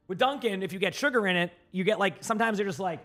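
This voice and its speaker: A man from Massachusetts without a regional accent, rambling casually to his live-stream chat with lots of filler words and quick answers to viewers. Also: high voice, sharp tone.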